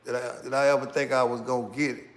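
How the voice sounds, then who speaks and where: A middle-aged man hosting his channel, talking in a slow, casual street style and tagging phrases with "man" and "right?". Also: medium pitch, level tone, fairly bright tone. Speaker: channel host. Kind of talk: casual commentary monologue.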